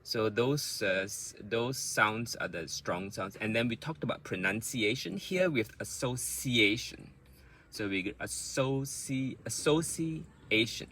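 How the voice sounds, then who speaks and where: Male English tutor, unhurried and deliberate, bright forward tone, repeats words for drill. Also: fairly low pitch, expressive, rough recording. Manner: patient, explains step by step with many fillers. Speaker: English teacher. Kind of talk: pronunciation lesson.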